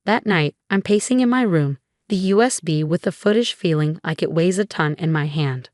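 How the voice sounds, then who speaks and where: Woman reading a story out loud, kinda low voice, dry close sound. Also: moderate pace, no echo. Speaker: narrator. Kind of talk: scripted first-person story narration.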